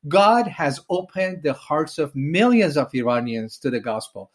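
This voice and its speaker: Earnest man from Iran, higher voice. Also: animated, moderate pace, hardly any pauses, breathy edge. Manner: earnest, emotional storytelling with acted prayers. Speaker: evangelist guest. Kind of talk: testimony in an interview.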